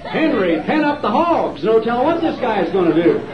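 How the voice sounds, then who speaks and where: A man's voice: very high voice, big pitch swings, normal speed, a loud crowd, pitched above the performer's own voice. A preacher doing a panicky folksy country man. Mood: alarmed, comic. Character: alarmed rural man peeking from his mobile home. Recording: roomy hall, distant dull mic.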